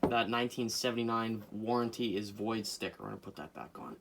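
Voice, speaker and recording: Rambling man with loud bursts, noisy recording. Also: on the low side, steady tone, brisk, vocal fry. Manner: rambling, jokey, talks to viewers, sudden loud bursts. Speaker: hobbyist video host repairing a clock. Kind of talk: casual narrated repair video. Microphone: camera mic, speaker often away from camera.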